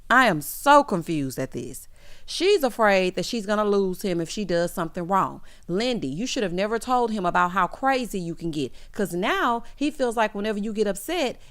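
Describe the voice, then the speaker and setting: A woman's voice: medium pitch, a bit bright. Sassy woman recapping reality TV. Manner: sassy, blunt, talks straight to the cast. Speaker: recap commentator. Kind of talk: reality show recap commentary.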